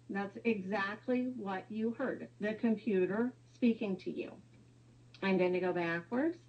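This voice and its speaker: A woman's voice: mid-range voice, husky, lo-fi sound. A woman presenting a webinar, explaining step by step with some fillers.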